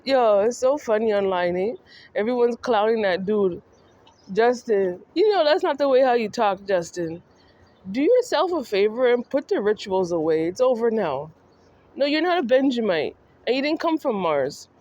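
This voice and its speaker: A woman's voice: a little high, big pitch swings, normal speed, darkish tone, highs cut off. A woman vlogger ranting in a scolding, mocking monologue that speaks straight to the person she criticizes. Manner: scolding, mocking, addresses the subject directly.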